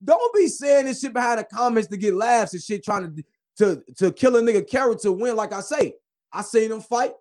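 A caller ranting emphatically on a live stream, at times shouting. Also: male voice, high-pitched, lively intonation, a little fast. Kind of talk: heated call-in rant.

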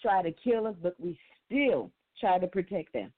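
A woman's voice: lowish voice, big pitch swings, moderate pace, dry recording. A woman hosting a talk show, prompting her guest with short, encouraging questions. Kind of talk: supportive interview. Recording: tinny phone line, faint music.

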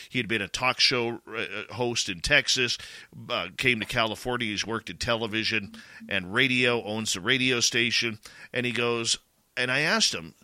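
A Canadian-accented man hosts a radio talk show, chatting casually in a rambling way full of restarts and "you know." His voice is mid-range with a sharp tone, and there's no room sound.

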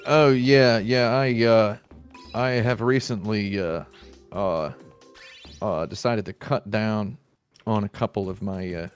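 A man with a lowish voice chats loosely on a live stream, rambling through jokes with plenty of ums. Faint music plays underneath. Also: steady tone, takes it slowly. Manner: rambling, jokey, many fillers. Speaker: stream co-host. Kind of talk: casual stream chat.

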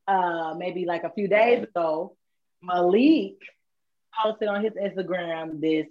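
A woman co-hosting a podcast, recounting celebrity gossip in a slow, drawn-out casual way with fillers. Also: on the low side, darkish tone. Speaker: podcast co-host. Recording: dull lo-fi sound.

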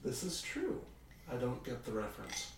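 A man hosting a podcast in casual chat, self-deprecating and quick to laugh. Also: mid-range voice, wildly swooping pitch, husky. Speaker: podcast host.

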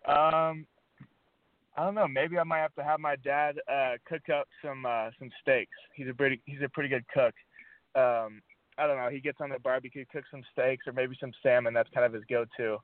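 A man's voice: medium pitch, moderate pace, no echo. A young male college athlete chatting easily, full of ums and you-knows. His voice sounds dry and close, squeezed through a tinny phone connection. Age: young adult. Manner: relaxed, many fillers. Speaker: college football player guest. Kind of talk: casual interview answers. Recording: dry phone-line audio.

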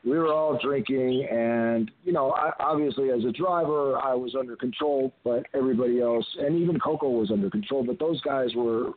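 A man's voice: medium pitch, normal speed, few pauses. An older man, a retired wrestler, telling rambling stories as a guest in a phone interview, often restarting his sentences. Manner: rambling anecdotes with frequent restarts. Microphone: telephone. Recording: tinny phone line.

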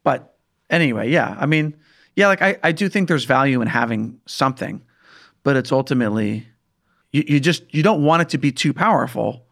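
Guy w a gravelly voice rambling about politics, lots of like and right, keeps restarting. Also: mid-range voice, expressive, a little fast, a bit bright. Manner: hesitant, restarts, many fillers like "like" and "right". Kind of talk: casual political chat.

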